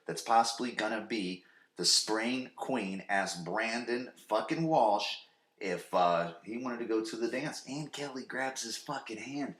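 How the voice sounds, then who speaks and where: A man's voice: on the low side, fairly bright tone, reverberant. A man in his forties hosting a casual solo podcast from his home basement, crude and rambling, swearing freely and full of fillers. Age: 40s. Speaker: podcast host.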